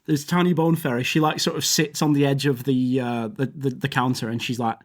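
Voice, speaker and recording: Game master, casual rambling narration, mid pitch, tabletop game. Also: steady tone, fairly quick. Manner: casual, rambling description with fillers.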